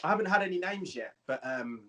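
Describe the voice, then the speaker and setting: A man co-hosting a casual comedic chat, telling relaxed anecdotes about life in lockdown. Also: high voice, a little fast. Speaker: co-host, comedian.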